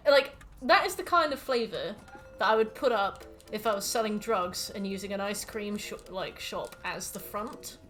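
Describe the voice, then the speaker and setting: A woman's voice: medium pitch, normal speed, a bit bright, faint music behind. A woman with an English accent chatting casually as she plays, reading out ingredients and ranting jokily with some swearing. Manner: swearing, reads out ingredients, jokey rants. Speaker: streamer. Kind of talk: casual gameplay commentary.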